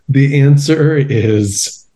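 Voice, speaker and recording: A man co-hosting a casual podcast chat, laid-back and self-deprecating. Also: medium pitch. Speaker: podcast co-host.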